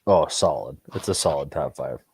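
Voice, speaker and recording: Deep-voiced laid-back man. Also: lively intonation, normal speed, darkish tone, breathy edge, no room sound. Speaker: guest. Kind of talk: casual chat.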